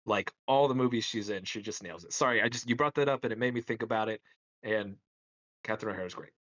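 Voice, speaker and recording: A man co-hosting a film podcast, cutting in apologetically and talking in a halting, casual way. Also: fairly low pitch, fairly bright tone, lo-fi sound. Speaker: podcast co-host. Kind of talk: casual film debate chat.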